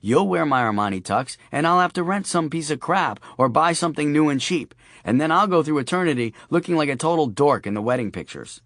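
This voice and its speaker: A man's voice: on the high side, lively intonation, brisk, hardly any pauses, a bit bright, dry recording, voice pushed up. A male narrator voicing a worried young father with wry, earnest humor, recorded dry and close.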